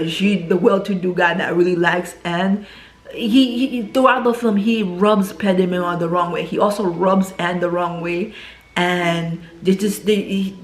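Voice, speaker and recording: A woman's voice: lowish voice, a little hiss or hum. A woman casually recapping a film plot, often checking in with the listener as she goes. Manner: chatty, frequently checks in with "right?". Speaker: film reviewer. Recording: echoey room.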